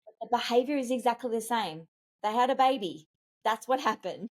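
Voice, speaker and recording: Woman exec coach on a podcast, bit of a high voice, really lively and emphatic, pitch jumps all over. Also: brisk. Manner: animated, emphatic storytelling with wide pitch jumps. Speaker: guest, communications expert; executive coach. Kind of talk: podcast interview.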